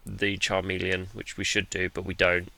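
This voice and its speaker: A man's voice: deep voice, completely flat delivery, normal speed, creaky, sharp tone, no echo. A man giving laid-back, self-deprecating commentary over his own card game match, with the odd bit of mild swearing. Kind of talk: casual gameplay commentary.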